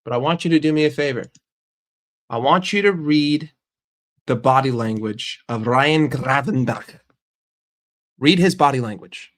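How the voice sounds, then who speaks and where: A man's voice: mid-range voice, unhurried, pauses often. An American man giving a heated, profane football reaction rant with lots of emphatic repetition. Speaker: football fan commentator.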